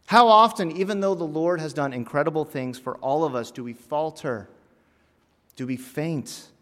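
A man preaching a sermon and telling a humorous personal story, animated, with sudden loud, emphatic bursts and quiet drops. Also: fairly high pitch. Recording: long hall reverb.

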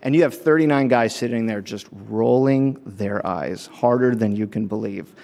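A man's voice: on the low side, moderate pace, gravelly, a little mellow. A man preaching a sermon, telling a story and acting out the voices of people in it. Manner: storytelling, acts out voices in quotes. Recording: long hall reverb.

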